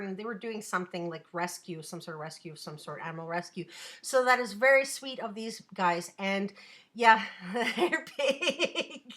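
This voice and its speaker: A woman's voice: medium pitch, bright, forceful tone. A young woman chatting casually on a home live stream, giggly and rambling as she reads the chat.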